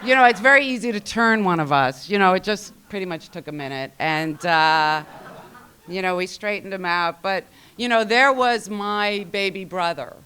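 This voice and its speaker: A woman's voice: medium pitch, moderate pace, pushed and bright, smooth. A woman speaking at a recovery meeting, sharing her personal story in a wry, self-mocking way and acting out what her family said.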